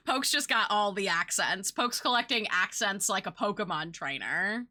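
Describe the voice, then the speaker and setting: Bright, chatty young woman streamer. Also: medium pitch, animated, unhurried. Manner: chatty, rambling, filler-heavy. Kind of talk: casual chat with viewers.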